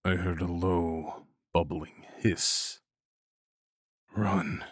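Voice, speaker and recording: A man narrating a horror story in a grave, scripted reading with measured pauses. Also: low voice, fairly bright tone, no room sound, clean studio sound.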